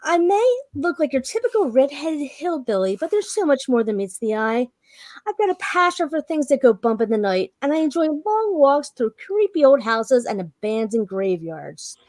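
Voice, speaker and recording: A woman's voice: high voice, very animated, normal speed, a little mellow, dry recording. A woman voicing a folksy, sinister male haunted hillbilly doll, reading his profile in a mock-sweet tone. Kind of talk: reading a character profile aloud.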